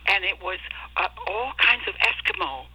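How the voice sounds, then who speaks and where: A woman's voice: mid-range voice, very animated, moderate pace, vocal fry, bright, forceful tone, husky. An older woman from Minnesota, a retired guest chatting by phone and reminiscing fondly. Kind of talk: phone interview. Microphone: telephone. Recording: lo-fi phone line.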